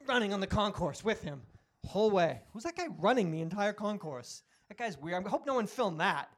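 A man in his forties with a high-pitched voice chats on a podcast. He tells stories with animated energy, acting out shouted quotes and swearing freely as he goes. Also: brisk. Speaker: podcast host. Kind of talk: casual chat.

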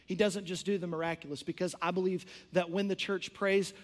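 A man's voice: sits high, level tone, a little fast. A man preaching an impassioned sermon as a pastor, with storytelling and conversational asides. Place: church sanctuary. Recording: long church hall reverb.

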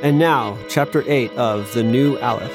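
A man narrating an audiobook in a measured storytelling manner, lightly voicing the characters. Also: mid-range voice, loud music behind the voice.

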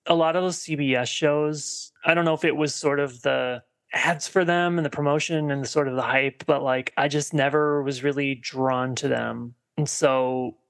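A man's voice: medium pitch, steady tone, moderate pace. A man co-hosting a podcast, chatting casually about a film in a rambling way, full of fillers and restarts. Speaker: podcast co-host.

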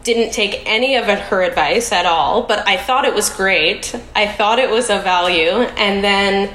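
A woman's voice: mid-range voice, moderate pace, a bit bright. A woman guest on a podcast, speaking thoughtfully with some hesitation. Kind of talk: casual interview talk. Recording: echoey room with faint noise.

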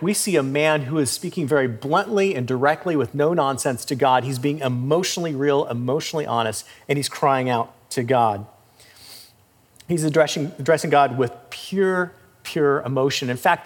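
A man preaching a sermon in a casual, conversational way, with a fairly high voice for a man. His voice carries a long hall reverb, and it climbs sharply when he acts out pleading cries. He speaks as a pastor to his congregation. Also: expressive, normal speed.

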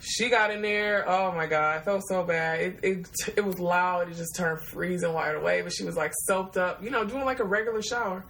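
A woman's voice: on the low side, steady tone, a little fast, hardly any pauses, fairly bright tone, slight background noise, poor audio. Profane, laughing woman telling a story. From Detroit, USA. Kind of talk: casual storytelling.

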